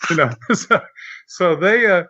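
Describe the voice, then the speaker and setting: An older man telling a long anecdote in a loose, rambling way, chuckling through it and doubling back on his words. His voice sits fairly high for a man. The podcast audio is a little dull and lo-fi. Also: expressive, measured pace, noisy background. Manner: rambling storyteller who chuckles and restarts often. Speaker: podcast guest, former wrestler.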